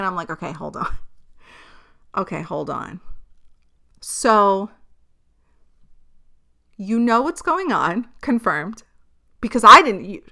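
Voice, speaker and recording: Bright, clear-voiced woman venting candidly. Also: mid-range voice. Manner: candid and exasperated, swears freely, laughs often. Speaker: podcast host. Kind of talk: casual storytelling monologue.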